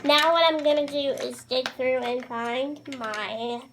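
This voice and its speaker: A young woman talks through a makeup tutorial in a high, girlish voice. She is chatty and bubbly, gushing over products and dropping in casual fillers. A faint hiss sits under the recording. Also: measured pace. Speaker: beauty vlogger.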